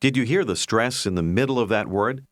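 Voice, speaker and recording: A man narrating a recorded language course, giving clear, measured instructions and prompts to repeat. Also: on the low side, dry recording, studio quality. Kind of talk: scripted language-lesson instruction.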